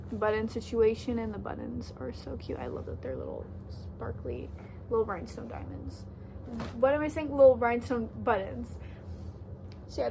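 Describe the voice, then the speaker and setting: A woman's voice: on the high side, background noise. A young woman from Canada chatting casually in a haul vlog, bubbly and gushing, full of "like" fillers. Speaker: thrift haul vlogger.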